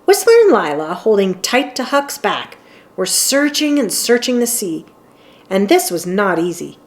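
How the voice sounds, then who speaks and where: Slow, lively storybook narrator woman. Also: medium pitch. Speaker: children's book reader. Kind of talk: storybook read-aloud narration.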